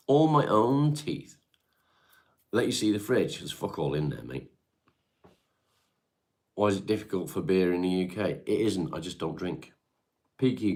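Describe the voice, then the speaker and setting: Middle-aged man, Devon English accent, very deep low voice, blunt and sweary, casual livestream chat from home. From England. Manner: blunt, swears freely, British slang. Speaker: livestream host reading chat. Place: his home.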